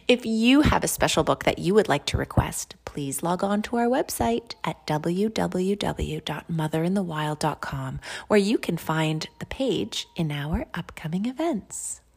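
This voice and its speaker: A woman reading a children's picture book aloud as a channel host, animated and laughing between lines. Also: lowish voice, a little slow, gravelly, breathy edge. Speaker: storybook reader, channel host.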